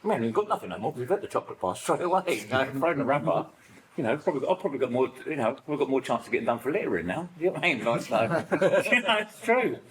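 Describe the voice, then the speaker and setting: A middle-aged British man with a British accent shares childhood stories in a recovery support group, speaking quickly at medium pitch. He rambles animatedly, full of fillers and acted-out quotes, and the recording is rough.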